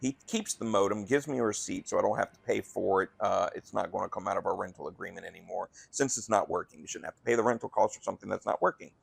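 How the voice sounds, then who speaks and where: A man's voice: low voice, quick pace, creaky, hardly any pauses, breathy edge, no echo. A man, a restaurant manager, telling a rambling story in a casual, conversational way while gaming, acting out the dialogue he quotes.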